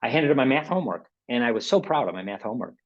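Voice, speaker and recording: A man's voice: mid-range voice, lively intonation, racing, lo-fi sound. A man presenting a motivational webinar in a conversational way, often checking in with his listeners and acting out inner voices in a raised tone. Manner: conversational, keeps checking in with "okay?" and "right?".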